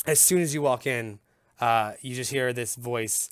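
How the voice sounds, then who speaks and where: A man acts as game master for a tabletop game, narrating in a loose, casual way full of fillers. His voice is bright and clear. It sits dry and close, with no room echo. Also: mid-range voice, measured pace.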